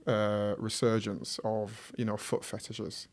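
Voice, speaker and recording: A man's voice: lowish voice, completely flat delivery, slow pace. A young man with a Yorkshire accent, a podcast guest in casual chat, telling stories and often laughing. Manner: chatty, laughs often, acts out quoted voices.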